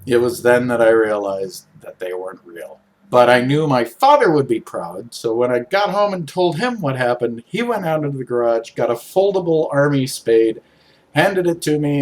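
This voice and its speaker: A man recounting a comic story from his own life in a mid-pitched voice. He tells it with animation, dropping low and then bursting out louder as the tale builds. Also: normal speed. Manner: animated, with sudden jumps in loudness. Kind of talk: personal anecdote storytelling.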